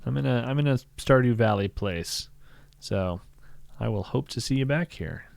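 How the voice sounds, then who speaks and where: A man talks loosely over a game stream, musing with dry humor. His voice has a gravelly, fried edge and a close, dry sound. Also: medium pitch, expressive, moderate pace, darkish tone, dry recording. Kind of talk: casual game stream chat.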